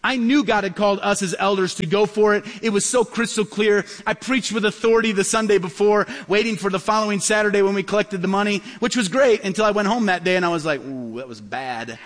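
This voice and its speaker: Fast-talking high-voiced pastor in a hall. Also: male voice. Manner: animated, quick storyteller acting out dialogue. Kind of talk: sermon storytelling. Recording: long hall reverb.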